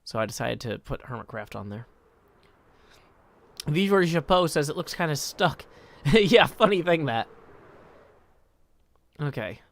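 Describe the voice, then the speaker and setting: A man's voice: on the high side, big pitch swings, measured pace, creaky, pauses often, a bit bright. A man live-streaming a game, reading chat messages aloud and answering them in a wry, self-deprecating way.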